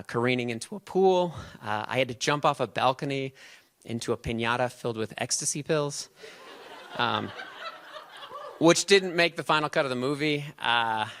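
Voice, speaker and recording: A man tells a personal story to a live audience on stage. He keeps it chatty and self-mocking, often laughing at his own tale, in a voice of middling pitch. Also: a bit bright. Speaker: storyteller and event host.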